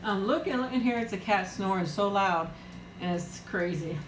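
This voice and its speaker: A woman chats through a casual eating livestream at home, wandering from thought to thought and laughing easily. Her voice sits at an ordinary middle pitch. The room around her is noticeably echoey, with a faint hum of ambience underneath. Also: moderate pace. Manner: chatty and rambling, laughs often. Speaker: livestream host. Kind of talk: casual live-chat eating stream.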